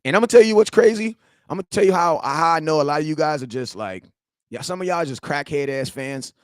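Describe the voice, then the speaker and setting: In a fairly high, expressive, clean voice, a young sports talk host speaks fairly quickly on a live stream, recorded dry. His rant is heated and slangy, full of repetition and talk aimed straight at viewers.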